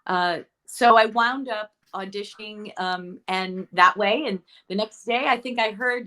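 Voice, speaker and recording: Bright chatty woman telling stories. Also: medium pitch, a little slow, few pauses. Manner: chatty, storytelling, self-correcting. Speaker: actress guest. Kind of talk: casual interview chat.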